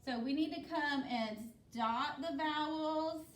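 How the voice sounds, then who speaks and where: A female teacher with a high voice walks slowly and patiently through a spelling lesson, asking "okay?" once each step is done. She is captured from far away in an echoey space.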